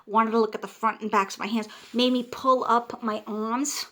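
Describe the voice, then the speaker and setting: A woman, telling a story casually to her viewers in an animated, emotional way, often restarting her sentences. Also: fairly high pitch, moderate pace. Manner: animated, emotional, frequent restarts and self-interruptions. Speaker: vlogger.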